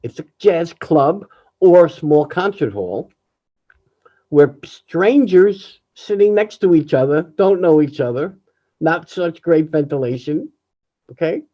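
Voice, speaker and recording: An older man, a jazz pianist, speaking candidly over a video call in an emotional, reflective way, often halting and restarting. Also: a little high, animated, mellow, lo-fi sound. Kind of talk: candid personal talk.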